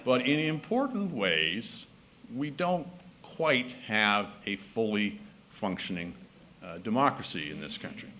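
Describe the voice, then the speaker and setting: A man addresses an assembly in a lively, animated voice that climbs and dips widely. He argues wryly and persuasively, often restarting sentences with fillers. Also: on the low side, a little slow. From Canada. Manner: lively, wry, argumentative, with frequent restarts and fillers. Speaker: speaker. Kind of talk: public speech. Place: assembly hall.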